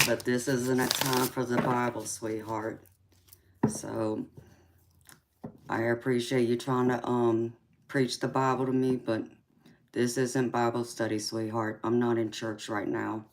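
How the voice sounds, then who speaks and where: A woman hosting a tarot livestream, chatting softly with viewers and calling them sweetheart and honey. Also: extremely low pitch, little pitch movement, slow, long pauses, a little hiss or hum. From mixed Japanese, Polynesian, English, Irish and Scandinavian heritage. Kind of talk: casual livestream chat reading out viewer comments.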